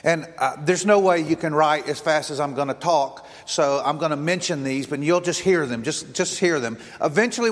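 A man's voice: fairly high pitch, fairly bright tone, in a large hall. A man preaching a sermon as pastor, repeating phrases for emphasis and reading out long lists word by word. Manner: repetitive, emphatic preaching, lists words one by one. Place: church sanctuary.

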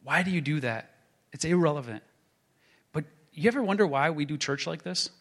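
A man preaching a sermon as a pastor, building to emphatic proclaiming and then dropping to a hushed tone. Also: fairly high pitch, animated, brisk.

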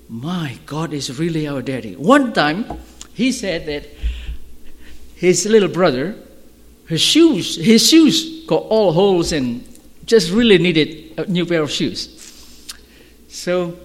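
A man preaching as a pastor, telling stories in an animated way and shouting at the high points. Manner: animated storytelling, shouting at peaks. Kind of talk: sermon storytelling. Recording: long hall reverb.

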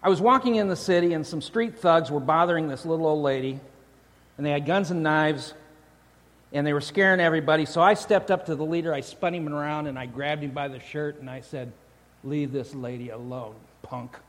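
A preacher doing a bragging everyman at heaven's gate, boasting about how brave he was. He speaks in a plain, somewhat high voice that rings through a large, echoing church. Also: a little fast, lightly acted. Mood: boastful. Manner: bragging storyteller. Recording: long church hall reverb.

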